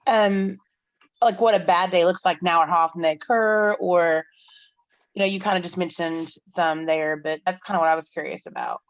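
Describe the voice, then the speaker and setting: A woman in the audience asks a tentative, casual question. Her voice sits fairly low. The audio is muffled and lo-fi. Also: steady tone, moderate pace. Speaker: audience member asking a question.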